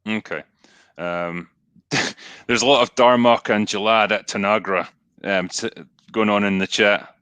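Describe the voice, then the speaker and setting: A Scottish man co-hosts a loose, laughing chat with a bright, forceful voice. He swears freely, and the dry, close sound has no room echo. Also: fairly low pitch, fairly even intonation, unhurried, smooth. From Scotland. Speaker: podcast co-host. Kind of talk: casual chat.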